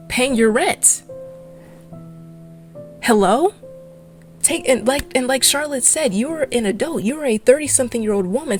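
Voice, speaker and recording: A young adult woman giving a fast, exasperated ranting commentary for a video essay. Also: fairly high pitch.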